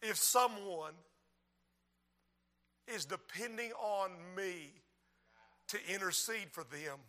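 A male pastor preaching a sermon in a church, moving between quiet lines and shouted appeals. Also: sits high, expressive, slow. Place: church sanctuary.

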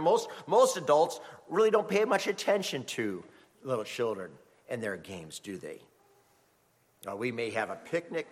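A middle-aged man preaching a sermon as a pastor, telling stories in an animated way. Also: medium pitch. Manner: animated storytelling, acts out quoted voices. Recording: long hall reverb.

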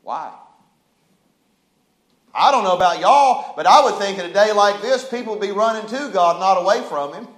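High-voiced preacher in an echoey church. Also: male voice, expressive, normal speed, pauses often. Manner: preaching with rhetorical questions, swinging from hushed to loud. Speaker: pastor. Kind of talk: sermon. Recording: echoey room.

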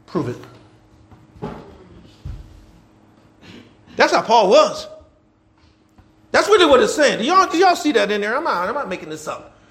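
A male pastor delivers a sermon, his voice high and gravelly. He swings widely in pitch, repeats his lines, and rises to shouts. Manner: repetitive call-and-response preaching, swelling to shouts.

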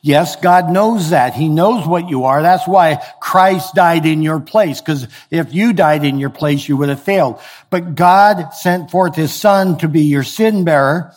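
Older guy pastor, fairly high voice, preaching casual and direct, acts out little voices for the people he quotes. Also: measured pace. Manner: conversational preaching, acting out quoted complaints. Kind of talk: sermon.

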